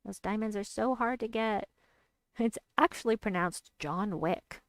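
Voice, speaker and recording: A young adult woman chatting casually while she plays a game, reading out and answering her chat and squealing with excitement at big moves. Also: mid-range voice, measured pace, dry recording. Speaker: game streamer. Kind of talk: casual gameplay commentary.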